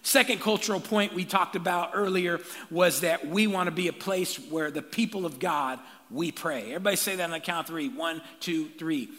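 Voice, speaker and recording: A man preaches from the pulpit with a bright, forceful, somewhat high voice. He calls out to his congregation for responses and rises into shouts. The sound carries a long reverb from a large church sanctuary. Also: moderate pace, few pauses. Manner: energetic call-and-response preaching, rising to shouts. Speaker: pastor. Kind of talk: sermon.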